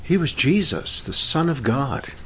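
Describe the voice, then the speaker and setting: A man leading worship and preaching a sermon, fervent in praise and gentle when he teaches. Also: medium pitch, sing-song, a little slow, a little hiss or hum. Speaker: pastor.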